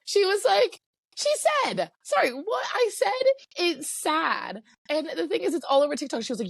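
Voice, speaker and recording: A woman's voice: sits high, big pitch swings, moderate pace, gravelly, no room sound. A woman in her twenties co-hosting a podcast over a video call, with playful, teasing banter. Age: 20s. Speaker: podcast co-host.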